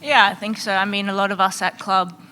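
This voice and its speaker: A young woman, a footballer answering press questions in a relaxed way with plenty of fillers. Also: mid-range voice, a little fast, a little hiss or hum.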